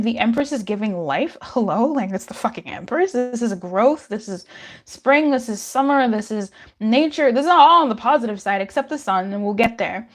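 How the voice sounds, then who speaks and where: Chatty, swearing woman reading tarot. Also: on the high side. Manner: swears casually, laughs often, chatty. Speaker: tarot reader. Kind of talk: live-stream tarot reading.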